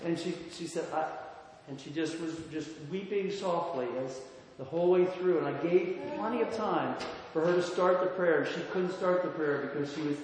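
A man preaching a sermon, emphatic, swinging between loud declarations and hushed storytelling. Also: on the high side, normal speed, slight background noise. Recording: echoey hall, somewhat distant.

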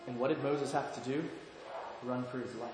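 A man preaching a sermon in an animated way, putting questions to the congregation. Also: medium pitch, normal speed, music in the background. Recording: echoey hall, faint room noise.

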